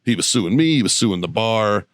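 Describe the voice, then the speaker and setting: A man telling a profane, animated story on a podcast and acting out the people in it. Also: lowish voice, moderate pace, no room sound, clean studio sound. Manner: acts out quoted people in his story. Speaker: podcast co-host. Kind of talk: casual storytelling chat.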